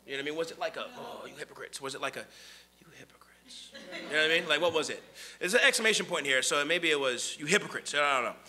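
Lively high-voiced bright male preacher. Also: very fast. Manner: animated, conversational, acts out quoted voices. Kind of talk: sermon.

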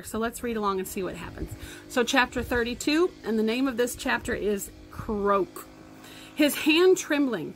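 A woman teacher reading a novel aloud to her class in expressive storytelling, recorded at home for a lesson. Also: on the high side, low-quality recording.

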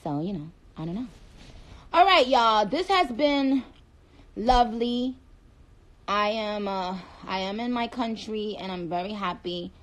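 A woman's voice: mid-range voice, animated, a little slow. A woman hosting a casual phone livestream, reading out viewer comments in a playful, chatty way and dropping in Spanish phrases.

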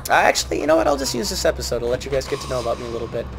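A man's voice: medium pitch, huge pitch swings, rapid-fire, creaky, crowd noise. Rambling, joking young man gamer. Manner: rambling, joking, self-mocking. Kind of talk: let's play commentary. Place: at home at night. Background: game music.

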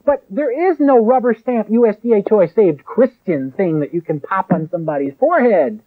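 A man preaching a sermon in an emphatic way, with sharp rises and drops. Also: high-pitched, lively intonation, moderate pace. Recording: tinny phone-like lo-fi recording.

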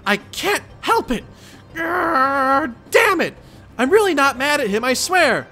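A man's voice: very high-pitched, big pitch swings, normal speed, sharp tone, soft background music, pitched above the performer's own voice, full character voice. A man voicing a frustrated young girl who growls and strains to hold back anger.

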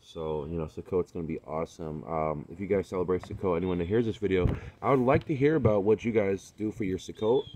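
A relaxed man chatting to his viewers from his backyard garden, his voice sitting very low. He talks in an easygoing, slangy way, full of ums and uhs, as if filming on a phone outdoors. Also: quick pace, few pauses, slight background noise. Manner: laid-back, slangy, lots of fillers. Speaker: vlogger. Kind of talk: casual chat.

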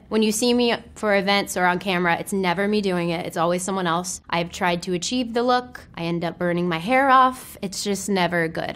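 A woman's voice: lowish voice, a bit bright. A young woman from Tennessee with a neutral American accent, answering questions about herself in a chatty, self-deprecating way with frequent laughter. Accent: neutral American, faint Southern. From Memphis, Tennessee, US. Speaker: actress answering web search questions. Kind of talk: casual chat.

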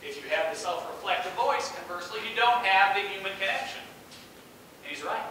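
A middle-aged man giving a lively storytelling talk as a guest speaker, acting out the voices of people he quotes. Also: high voice, brisk. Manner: animated, acts out quoted voices. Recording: echoey hall, distant mic, noisy.

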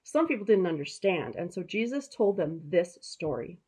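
A woman pastor with an Upper Midwest American accent, gently telling a story to children in a gentle, expressive way. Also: lowish voice, normal speed, hardly any pauses, husky.

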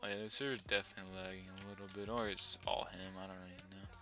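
A young man at home giving excitable, swearing commentary over his own gameplay, now and then yelling at his dog. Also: sits low, rapid-fire, soft background music. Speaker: gaming YouTuber.

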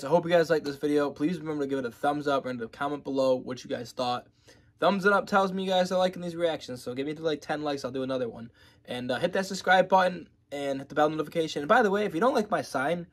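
A man's voice: medium pitch, fairly bright tone. A young man giving casual, profane, rambling reaction commentary on a music video.

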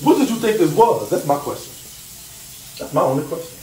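A man ranting on a live stream, loud, taunting and profane, laughing often. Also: on the high side, sing-song, a little fast, roomy sound, recorded from a distance, background noise. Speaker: social media personality.

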